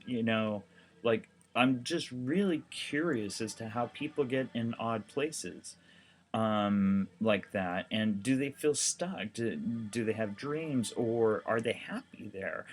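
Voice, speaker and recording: A man's voice: on the low side, slow. A seriously ill man talking casually to the camera, rambling and heartfelt with lots of fillers. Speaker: documentary vlogger.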